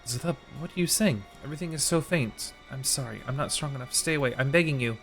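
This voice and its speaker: A man's voice: medium pitch, fast, a bit bright, soft background music, voice pushed up, close to an everyday voice. A man voicing a frightened, girlish otherworldly female being, reading game dialogue in a raised, pleading tone.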